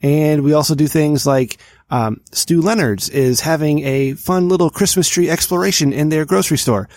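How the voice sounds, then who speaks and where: A man's voice: fairly high pitch, moderate pace, a little mellow, no room sound, clean studio sound. A man in his thirties co-hosting a podcast, telling a long exasperated story in casual chat. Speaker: podcast co-host.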